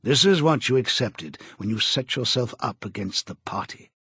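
A man voicing a cold, commanding male interrogator who speaks in a slow, measured, contemptuous way, with a husky voice. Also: medium pitch, lively intonation, bright, forceful tone, no room sound, exaggerated voice.

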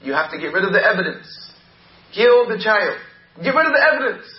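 A man's voice: high-pitched, very animated, fairly quick, reverberant, lo-fi sound. A man voicing a scheming male devil who whispers temptations in a coaxing, persuasive way. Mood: menacing.

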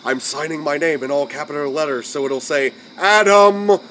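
A man's voice: on the high side, normal speed, a bit bright, a little hiss or hum, close to an everyday voice. A man putting on the voice of a pompous older cartoon mayor, as an impression of a famous actor.

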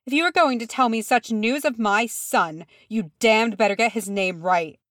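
A proud older dwarf mother with a voice of ice, cold and cutting even in grief as a woman reads her. The recording is dry and close. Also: on the high side, moderate pace, dry recording, voice pushed up, lightly acted. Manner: cold, cutting, then rasping.

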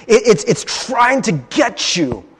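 Husky-voiced pastor preaching in a reverberant hall. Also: male voice, extremely high pitch, takes it slowly. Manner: conversational, keeps asking the audience "right?"; animated storytelling. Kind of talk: sermon.

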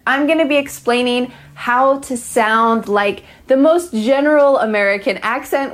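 Female pronunciation teacher, slightly high voice, deliberate lesson delivery. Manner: clear, deliberate, slows to model sounds. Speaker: accent teacher. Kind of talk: recorded accent lesson.

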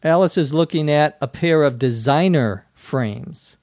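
A man's voice: on the high side, measured pace, a little mellow, dry recording, clean studio sound. A man with a Minnesota accent hosting an English lesson podcast, patiently explaining words and spelling them out. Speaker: English teacher and podcast host.

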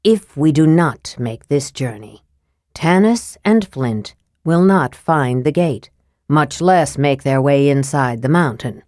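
A woman voicing a sickly young male mage who speaks coldly and scornfully in a soft, low tone. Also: animated, takes it slowly, no room sound, studio quality. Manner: cold, scathing, soft and low.

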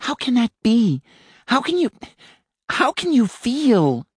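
A tearful young woman, put on by a male reader pushes her voice high and strained. Her halting pleas are loud against the dry, close recording. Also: lively intonation, husky, no echo. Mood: distressed.

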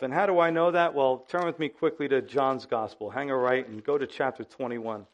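A male pastor preaching a sermon in an animated, conversational way, often speaking straight to his listeners. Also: medium pitch, brisk, hardly any pauses.

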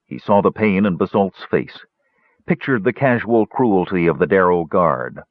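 A man narrating a fantasy audiobook with expressive storytelling. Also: deep voice, measured pace, no echo. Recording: dull, dry lo-fi recording.

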